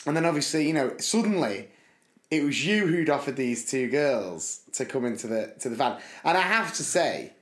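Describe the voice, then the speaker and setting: A man co-hosting a podcast, telling a story in lively casual chat and mimicking his friends' voices. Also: medium pitch, normal speed, echoey room. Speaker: podcast co-host.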